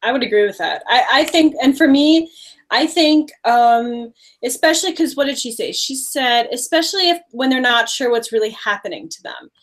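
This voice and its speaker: A woman's voice: high-pitched, animated, moderate pace. A woman co-hosting a live spiritual stream, chatting casually over a video call, often trailing off with "I don't know.".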